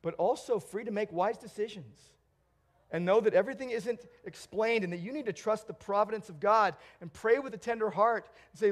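Man, high voice, earnest preacher, emphatic then hushed, church sermon. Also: fairly quick. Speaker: pastor.

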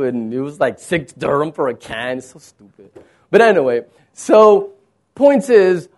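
A man from Texas preaching a sermon, moving between soft low asides and raised, emphatic points. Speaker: pastor.

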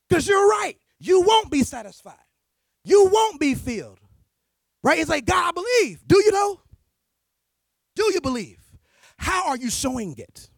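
A man delivering a sermon, slow and gravelly, his pitch leaping as he shifts from shouted declarations to soft, close asides. The sound is dry and close, with no room around it. His talk is slangy and direct. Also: no echo. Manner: swings between loud shouting and low intimate asides, slangy. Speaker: preacher.

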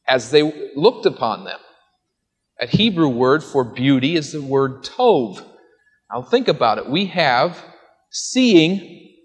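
Man preaching a sermon in a reverberant hall. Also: fairly high pitch. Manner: earnest teaching, rhetorical questions and answers. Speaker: pastor. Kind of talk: expository sermon.

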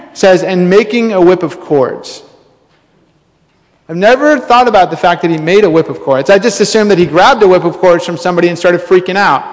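A man preaching a conversational sermon, telling stories with plenty of casual fillers. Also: high-pitched. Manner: casual, storytelling, many fillers. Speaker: pastor. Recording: long hall reverb.

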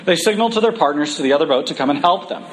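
Conversational preacher, man with a higher voice. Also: expressive. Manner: conversational, humorous, slows for emphasis. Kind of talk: sermon.

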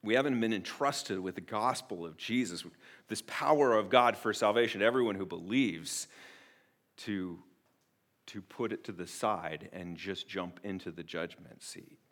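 A man's voice: fairly low pitch, moderate pace. Earnest male pastor preaching. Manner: earnest, emphatic, swings between soft and loud; restarts phrases often. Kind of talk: sermon.

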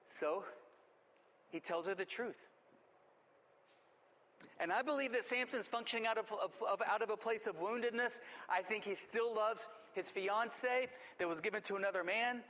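A man's voice: high voice, a little slow, long pauses, sharp tone, big-room sound. A man preaching a sermon in an earnest, conversational way, retelling scripture and reflecting on it. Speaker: pastor.

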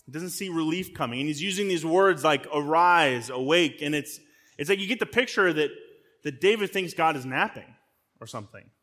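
A man's voice: on the high side, lively intonation, moderate pace, fairly bright tone. A man giving a sermon as a guest pastor. He preaches conversationally, speaks straight to his listeners, and often repeats words as he restarts. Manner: frequent word repeats and restarts.

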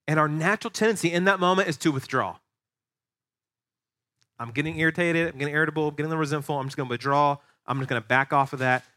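A man, a pastor preaching a sermon to his church, animated and acting out voices of the people he describes. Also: on the high side. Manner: animated, acts out quoted voices. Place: church sanctuary.

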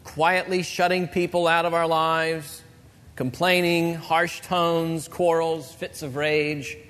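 A pastor gives an earnest, measured sermon. His voice sits a little high for a man. The church sanctuary leaves a long reverb trailing after each phrase. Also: level tone, fairly bright tone, clear, resonant tone. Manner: earnest, measured preaching with pauses.

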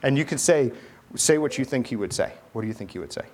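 A male pastor preaching a sermon, animated, acting out voices and asking the crowd questions. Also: mid-range voice, quick pace.

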